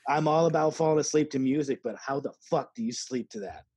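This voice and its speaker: A man chatting as a podcast guest about his brewery work in a relaxed, easygoing way. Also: medium pitch, background noise. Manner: relaxed, easygoing, quick to laugh. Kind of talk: casual chat.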